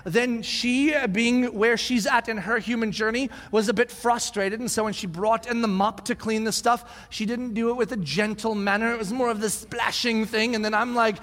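A man in his forties preaches with a high, bright voice, telling stories with lively energy and acting out what people said. His words ring through a hall with a long reverb trail. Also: a little fast, few pauses. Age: 40s. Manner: animated storytelling, acts out shouted quotes. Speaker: pastor. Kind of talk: sermon.

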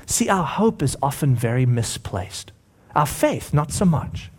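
A man preaching a sermon, acting out voices and swinging from loud passages to hushed ones. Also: medium pitch, big pitch swings, a little slow, husky. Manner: dramatic, acts out voices, swings from loud to whispered. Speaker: pastor.

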